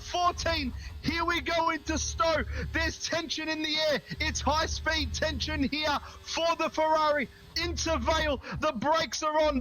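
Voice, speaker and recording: A man commentating a sim race lap in a high, bright, cutting voice. He piles on the drama with every corner and turns the call into a hype-filled tribute. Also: low-quality recording.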